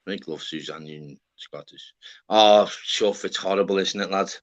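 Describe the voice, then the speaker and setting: A young man with a Liverpool accent, hosting a casual livestream with loud, swearing banter. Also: sits low, moderate pace. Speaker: livestream host.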